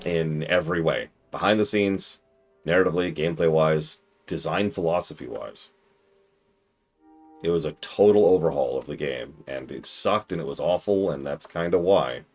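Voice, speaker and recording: A man's voice: very deep voice, moderate pace, pauses often, soft background music. A young man hosting a casual game commentary stream, enthusiastic and opinionated, with rambling asides. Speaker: streamer host.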